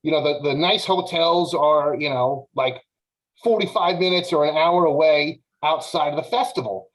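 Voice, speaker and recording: A man on a podcast panel telling a casual, animated story with lots of filler words. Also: fairly high pitch, moderate pace, poor audio.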